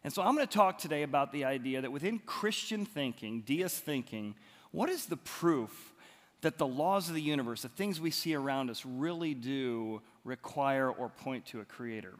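A man's voice: medium pitch, lively intonation, moderate pace. A man, a pastor, giving a sermon in a conversational storytelling way with emphatic rises. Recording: long hall reverb.

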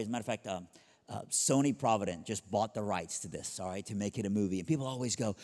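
A man's voice: on the low side, lively intonation, fast, a little mellow. Earnest man testifying in a reverberant hall. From Iran. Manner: earnest, conversational storytelling with rhythmic contrasts. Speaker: pastor. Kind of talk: personal testimony talk.

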